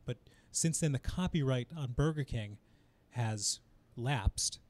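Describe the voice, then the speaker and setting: A man's voice: medium pitch, takes it slowly, a little mellow. A man co-hosting a podcast in chatty, easy banter, laughing readily and stammering when he restarts. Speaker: podcast co-host. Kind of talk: casual podcast chat.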